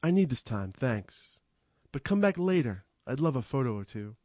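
A man's voice: mid-range voice, big pitch swings, moderate pace, warm tone, no echo, studio quality. A man voicing a friendly, joking traveling companion. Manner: teasing, then sincere.

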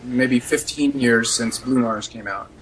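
A middle-aged man, an author being interviewed on radio, answering in a measured, thoughtful way. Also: mid-range voice, fairly even intonation, crowd noise, poor audio. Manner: measured, thoughtful, with some fillers. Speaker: author guest.

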